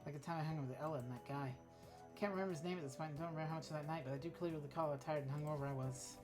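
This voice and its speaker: A woman's voice: low voice, steady tone, rapid-fire, over music. A woman streamer reading a text adventure game aloud, with offhand asides and swearing.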